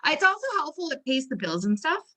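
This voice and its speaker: A woman's voice: high-pitched, sing-song, fast talker, bright, forceful tone. A woman speaking bluntly and wryly on a video call, swearing casually. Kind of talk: candid chat on a video call.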